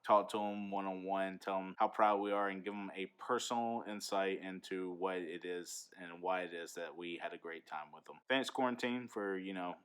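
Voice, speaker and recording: A man's voice: low-pitched, steady tone, normal speed, hardly any pauses, a bit bright, smooth. A man who teaches eighth grade, chatting frankly and telling stories in a casual vlog into a handheld phone.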